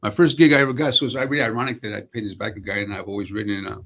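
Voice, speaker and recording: A man's voice: on the low side, steady tone, very fast, a bit bright. A man in his sixties, an actor and comedian, telling stories in a casual interview in a streetwise way, swearing freely and calling people bro and man. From United States. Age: 60s.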